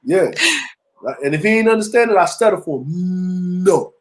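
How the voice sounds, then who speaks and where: A middle-aged man co-hosting a casual chat show, telling stories in an animated, teasing way. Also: high-pitched, moderate pace, poor audio. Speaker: podcast co-host.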